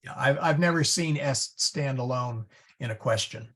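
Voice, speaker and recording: A man's voice: mid-range voice, moderate pace, fairly bright tone. A man teaching a small Latin class, thinking aloud as he clicks through slides and explains grammar. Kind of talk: informal class discussion.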